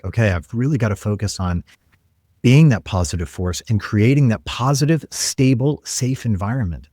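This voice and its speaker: A man telling work stories as a podcast guest, earnest and energetic, acting out quoted lines. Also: fairly low pitch, dry recording, clean studio sound. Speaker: guest, tech leader. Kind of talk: conversational podcast storytelling.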